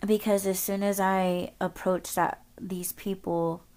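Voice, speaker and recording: A woman's voice: mid-range voice, level tone, slow pace, darkish tone. A woman podcast host telling a story casually, rambling, swearing often and using lots of filler words.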